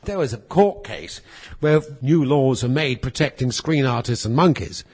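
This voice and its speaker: A man's voice: mid-range voice, animated, moderate pace, a little mellow, slightly rough. A man, an actor, spinning a theatrical, rambling comic story as an improvised tale. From England.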